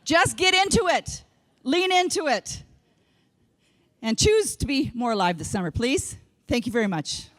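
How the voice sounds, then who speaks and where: A woman from Canada giving a humorous keynote speech, an animated storyteller who acts out what people said. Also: high-pitched, a little slow, in a large hall. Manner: animated storyteller acting out quotes. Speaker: keynote speaker. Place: large conference hall.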